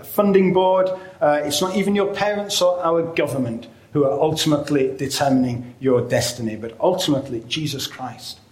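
A man preaching a sermon in a measured way, often pausing on "uh" and slowing down to stress key phrases. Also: on the high side, echoey room, low-quality recording. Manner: measured, with frequent "uh" fillers and slowed emphatic phrases.

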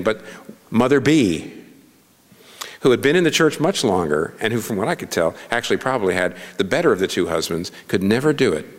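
A man's voice: fairly low pitch, in a large hall. A middle-aged man, a pastor, preaching a sermon in an earnest, conversational way, full of rhetorical questions.

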